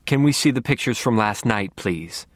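A tough veteran policewoman, impatient and firm, giving orders in clipped phrases, as a male reader voices her. The delivery is animated and the recording dry and close. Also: on the low side, moderate pace, no room sound, close to an everyday voice. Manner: clipped, commanding.

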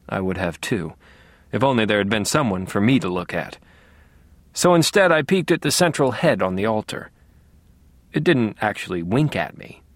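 A man's voice: on the low side, no room sound. A man narrating a crime novel in first person with a dry, wry manner. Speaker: audiobook narrator.

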